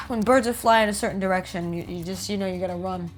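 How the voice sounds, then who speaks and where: A woman's voice: medium pitch, fairly quick, soft background music. A woman with a New Jersey accent, casually riffing and joking as she reads about game art. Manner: chatty, jokey, reads aloud and riffs. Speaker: host.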